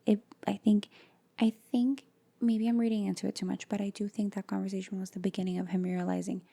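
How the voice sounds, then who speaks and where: A woman's voice: mid-range voice, little pitch movement, a little fast, creaky, mellow, breathy edge. A woman co-hosting a casual book podcast, talking thoughtfully, searching for words and slipping into Spanish. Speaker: podcast co-host.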